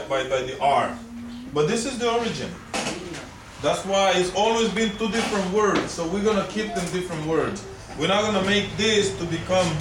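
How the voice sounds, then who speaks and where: A man's voice: high-pitched, far from the mic. A man teaching a language class, patiently correcting students and repeating words for them. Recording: echoey room, recorded from afar, noisy.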